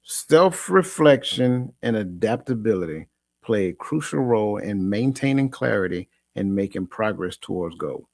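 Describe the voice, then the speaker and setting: A man with a fairly low voice hosts a coaching talk show, animated and a bit preachy. He repeats himself as he works up to a point and laughs easily. The sound is dry and close. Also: moderate pace, no room sound. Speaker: podcast host. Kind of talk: casual chat.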